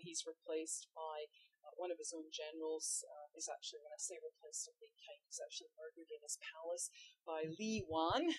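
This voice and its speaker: A woman with a Scottish accent chatting through a history lesson in a lively, joking way. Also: lowish voice, breathy edge. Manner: lively, laughs often, chatty asides. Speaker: history teacher. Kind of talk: casual educational chat. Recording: poor audio with uneven levels.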